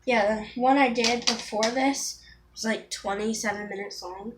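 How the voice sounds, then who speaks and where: A woman's voice: fairly high pitch, fairly even intonation, unhurried, noisy background. A teenage girl chatting casually through a makeup tutorial, rambling with ums and restarts. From Florida. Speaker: beauty vlogger.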